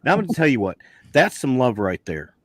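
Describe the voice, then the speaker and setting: A man's voice: mid-range voice, sing-song, brisk, breathy edge, no room sound. A man, chatting on a video call as a guest beekeeper and telling rambling stories with many restarts. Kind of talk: casual chat on a video call.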